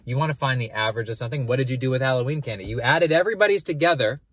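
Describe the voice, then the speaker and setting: A man's voice: mid-range voice, very fast, breathy edge, no room sound. A man who is a math teacher explaining averages in a casual, conversational lesson, often rephrasing and breaking off mid-sentence. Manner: conversational, animated, self-interrupting.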